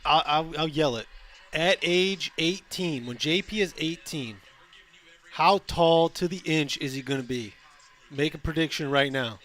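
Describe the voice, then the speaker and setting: A man's voice: a little high, a bit bright. Teasing man co-hosting a draft stream. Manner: teasing, quick banter. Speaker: co-host of a draft watch stream. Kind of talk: casual live reaction chat.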